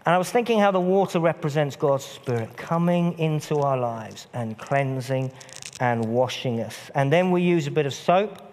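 A man's voice: fairly high pitch, animated, moderate pace, a little mellow. A man preaching a sermon in a church, earnest and repeating phrases for emphasis. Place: church hall. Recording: long church reverb.

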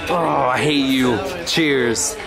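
A man's voice: mid-range voice, slow pace, creaky, a loud crowd. A man joking and teasing his friends in a casual travel vlog. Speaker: vlogger. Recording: loud music behind the voice.

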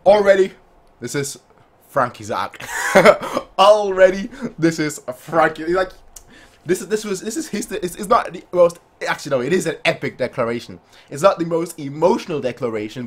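Animated man reacting to manga. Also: on the high side, normal speed. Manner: animated, puts on silly voices for characters. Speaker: manga reaction channel host. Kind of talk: excited manga reaction commentary.

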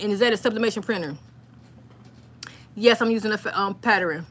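A woman hosting a casual live stream, rambling excitedly and reading viewers' comments aloud. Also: mid-range voice, a little fast, breathy edge.

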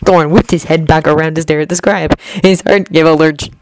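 A woman reading a fanfiction story aloud at a gentle, even pace, lightly acting out the dialogue. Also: low-pitched, brisk, no room sound, rough recording. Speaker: fanfiction reader.

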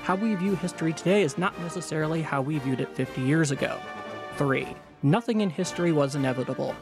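Guy on a history podcast, dry jokes, lively, faint music in the back. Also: fairly high pitch, quick pace. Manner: wry, animated, recites set rules. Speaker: podcast co-host. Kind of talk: casual history podcast chat.

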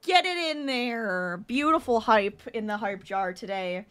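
Bright, bubbly young woman streaming. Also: fairly high pitch, clear, resonant tone. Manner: bubbly, excitable, quick to gasp and cheer. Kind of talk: let's-play commentary.

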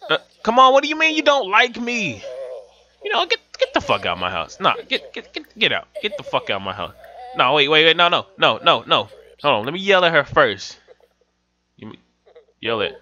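A young man giving loud, profane, excitable commentary while playing a life-sim game, swinging from yells to mutters. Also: fairly high pitch. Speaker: gaming YouTuber. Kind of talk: profane comic gameplay commentary. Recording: dull lo-fi home mic with game music.

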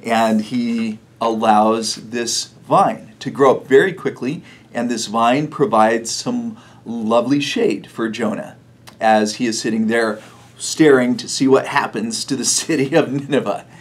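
A man's voice: medium pitch, measured pace, breathy edge. A man preaching a sermon in a church, telling the story in a conversational way and chuckling often. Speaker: pastor.

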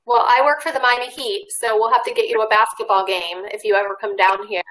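A woman's voice: a little high, steady tone, fast talker, fairly bright tone, poor audio. A woman hosting an interview, asking questions in an upbeat, welcoming way and wrapping up the chat. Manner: upbeat, welcoming, wraps up smoothly. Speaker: television host, interviewer.

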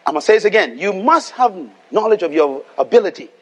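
A Bahamian man with a high, expressive voice talks fast while preaching a live sermon before a congregation. He's emphatic and repetitive, repeating lines and calling on the people to respond and say them back.

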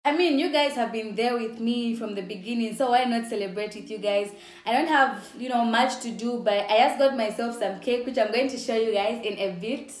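A young woman speaks with a Zambian accent, her voice pitched a little high and full of chatty cheer. She talks straight to camera in a casual vlog style, laughing easily. The room is echoey, with faint music playing underneath. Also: fairly quick. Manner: upbeat, chatty, laughs often. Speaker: YouTuber.

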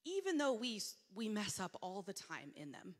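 A middle-aged woman preaches from a church stage in an easy, conversational way. She pokes fun at herself and acts out her own reactions as she tells stories. Her voice sits at a middle pitch and trails off into a long hall reverb. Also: big pitch swings, moderate pace. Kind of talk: conversational sermon. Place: church sanctuary.

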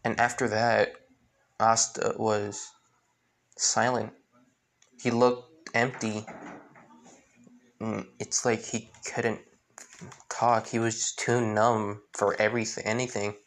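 A man retelling a fan story in a halting way, with many restarts and fillers. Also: on the low side, level tone, fairly bright tone.

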